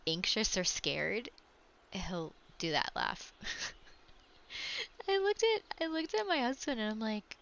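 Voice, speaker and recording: A woman streaming a game, reading its text aloud and chatting with a giggly, animated manner. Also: fairly high pitch, takes it slowly, creaky, pauses often. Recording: dull lo-fi stream audio with music.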